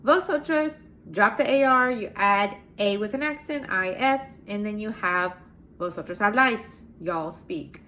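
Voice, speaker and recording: A woman's voice: mid-range voice, measured pace, sharp tone, slight background noise. An American woman, a Spanish teacher, giving a casual video lesson, explaining step by step, spelling out letters and modeling pronunciations. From United States.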